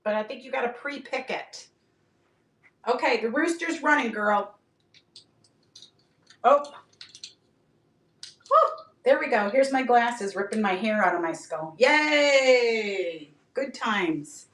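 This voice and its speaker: A woman's voice: on the high side, expressive, a little slow, pauses often. A woman selling items on a live stream in a bubbly, chatty way, greeting viewers by name and joking. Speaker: live-stream auction seller. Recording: echoey room, mic far off.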